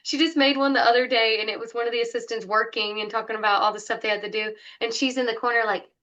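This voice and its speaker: A woman's voice: a little high, fairly even intonation, quick pace, few pauses, bright, forceful tone, lo-fi sound. A woman co-hosting a casual podcast chat, giving upbeat, enthusiastic advice about hiring in dental offices. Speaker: co-host, dental recruiter.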